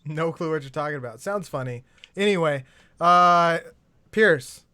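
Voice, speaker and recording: A man hosting a podcast, talking fast and casually and swearing freely. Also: a little high, sharp tone, clear, resonant tone, no room sound. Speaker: podcast host. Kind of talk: casual chat.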